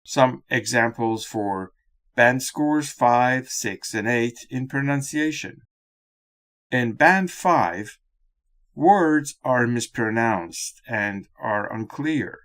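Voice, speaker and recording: A man delivers a scripted lesson narration in a measured, instructional manner. He speaks slowly, and his pitch moves a lot from phrase to phrase. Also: expressive, a bit bright. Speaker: exam-prep teacher.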